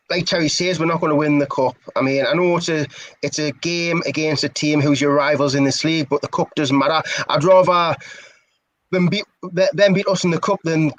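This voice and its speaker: A man's voice: fairly high pitch, no room sound. A man on a fan chat panel, joking and teasing. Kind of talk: casual live fan chat.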